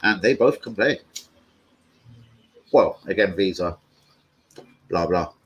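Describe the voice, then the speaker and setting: A young man chatting casually and excitably on a live stream, swearing freely as he reads chat. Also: deep voice, takes it slowly, slightly rough, lo-fi sound. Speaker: fan channel live streamer.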